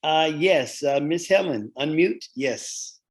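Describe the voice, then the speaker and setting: A man's voice: a little high, takes it slowly. Friendly man hosting an online meeting. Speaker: meeting host.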